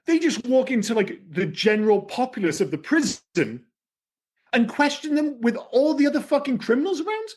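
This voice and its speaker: A man's voice: very high-pitched, very animated, normal speed, a little mellow. A man on a film podcast, ranting and swearing casually as he picks apart a movie. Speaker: podcast host. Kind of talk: casual film-review chat.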